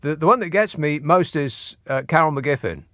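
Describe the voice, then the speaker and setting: A man's voice: fairly high pitch, expressive, moderate pace, fairly bright tone, dry recording. A man hosting a radio phone-in, talking in a dry, sardonic way. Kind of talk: late-night radio talk.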